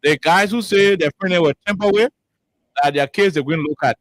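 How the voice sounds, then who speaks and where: A man's voice: sits high, a little fast, a little hiss or hum, rough recording. Emphatic man hosting radio. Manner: emphatic, repeats words when pressing a point. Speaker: radio talk show host. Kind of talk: call-in radio talk show.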